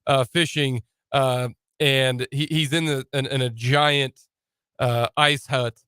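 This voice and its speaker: A man's voice: mid-range voice, fairly even intonation, takes it slowly, bright, forceful tone, smooth, dry recording, studio quality. A man hosting a sports talk radio show, teasing his co-host and laughing often in casual banter.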